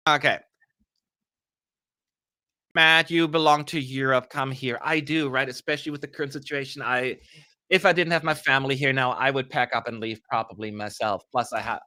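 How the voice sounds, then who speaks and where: A German man hosts a casual live stream, chatting away, mocking himself, and showing a dry, sarcastic streak as he reads viewer questions aloud. His mid-range voice has a sharp tone, recorded with no echo.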